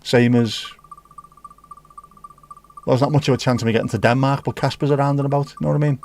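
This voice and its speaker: A man's voice: medium pitch, fairly even intonation, fast, a little mellow, slight background noise. A man hosting a livestream, chatting casually and teasing as he reads out viewer comments with sweary banter. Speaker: livestream host.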